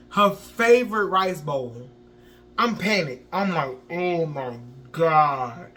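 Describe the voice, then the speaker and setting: A man's voice: high-pitched, fairly bright tone, slight background noise. A young man, telling a story in a vlog and acting out sounds and his own panic. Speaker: vlogger.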